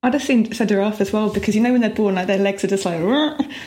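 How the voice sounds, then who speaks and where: A woman's voice: mid-range voice, steady tone, very fast, mellow. Woman co-host, giggly, self-mocking casual chat.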